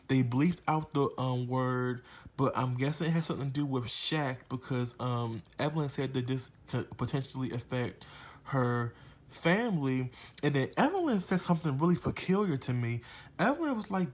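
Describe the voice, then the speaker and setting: A man's voice: mid-range voice, expressive, normal speed. A man giving a casual recap of a reality TV episode, blunt and profane, with a gossipy, opinionated way of talking. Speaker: reality TV reviewer.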